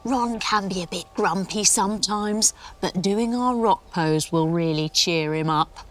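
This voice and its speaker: A woman's voice: fairly low pitch, a little slow, faint music behind. A woman in her thirties leading a children's yoga story, playful and sing-song, with gasps and sound effects. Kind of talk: storytelling yoga lesson for kids.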